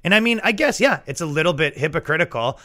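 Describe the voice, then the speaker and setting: A man hosting a podcast, riffing in a profane, animated comedic rant. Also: fairly high pitch, fast talker. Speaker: podcast host.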